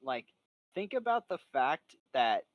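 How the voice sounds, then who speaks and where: A man's voice: medium pitch, very animated, slow, dry recording, lo-fi sound. A young man co-hosting a podcast in casual chat, rambling with lots of fillers. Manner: rambling, filler-heavy, bursts into silly voices. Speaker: podcast co-host.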